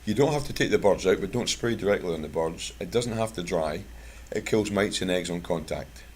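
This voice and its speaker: A Scottish man from Scotland, guest speaker at a bird club, gives a chatty, plain-spoken talk mixing product advice with anecdotes. His voice sits low and is expressive, a little fast, with slight background noise.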